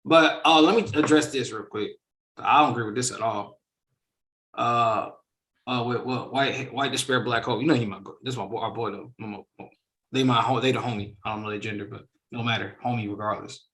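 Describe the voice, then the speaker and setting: The host, a man with a medium-pitched voice, moves along fairly quickly through a casual reaction discussion. He talks with energy and emphasis and acts out quotations.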